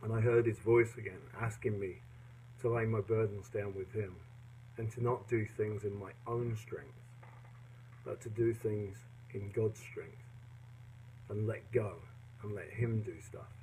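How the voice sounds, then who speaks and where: A man giving a personal devotional talk to listeners in a gentle, earnest and reflective manner. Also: on the low side, steady tone, unhurried, slight background noise, low-quality recording. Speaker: devotional podcaster.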